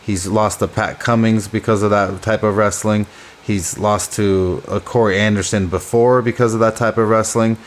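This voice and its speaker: A man co-hosting a casual podcast speaks in a low voice. His pitch barely moves, yet he sounds eager as he backs his pick. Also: steady tone, normal speed. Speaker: podcast co-host.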